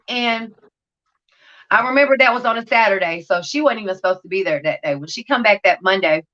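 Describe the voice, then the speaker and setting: Woman telling her story on a video call, bright and punchy, kinda muffled audio. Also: fairly high pitch. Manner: blunt, profane, animated storytelling. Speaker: guest sharing recovery story. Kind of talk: candid livestream interview.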